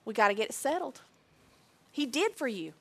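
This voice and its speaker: A woman preaching a sermon, emphatic and deliberate, repeating key phrases. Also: on the high side, big pitch swings, gravelly.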